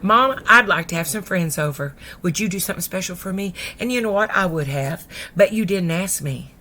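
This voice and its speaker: A woman's voice: on the low side, expressive, brisk, pushed and bright. A woman preacher voicing a loving, forgiving middle-aged mother who scolds her daughter firmly but tenderly.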